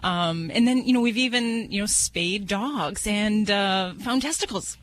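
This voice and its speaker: A woman veterinarian chatting on a pet radio show, laughing easily and pausing with fillers. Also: medium pitch, slight background noise. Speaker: veterinarian guest. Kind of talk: casual radio chat.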